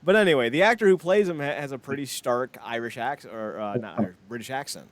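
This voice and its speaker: A man's voice: mid-range voice, fast. A man co-hosting a wrestling podcast, casual chat, opinionated, rambling and jokey. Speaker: podcast co-host.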